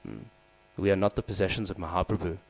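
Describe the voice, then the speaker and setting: With fairly even intonation, a fast delivery, and some vocal fry, a man teaches scripture to listeners in a temple hall. He often asks "hmm?" or "right?" and dramatizes quoted lines loudly, while a low mains hum sits behind the rough recording.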